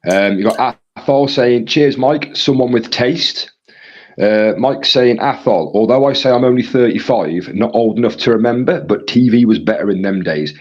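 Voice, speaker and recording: A man with a husky voice, casually reading viewer comments aloud as co-host of a live stream. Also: medium pitch, moderate pace, darkish tone, muffled recording.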